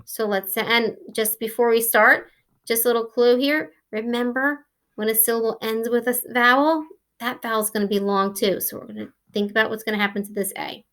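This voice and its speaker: A woman teaching a first grade phonics lesson, slowly and clearly sounding out words for young children. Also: a little high, steady tone, fairly bright tone.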